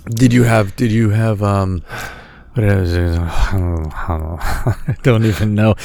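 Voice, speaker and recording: A man with a very low voice chats casually and teases his friend with dry jokes. He has been drinking strong beer and sounds loose and unhurried. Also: steady tone, warm tone. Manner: teasing, joking remarks. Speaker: podcast co-host. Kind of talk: casual chat.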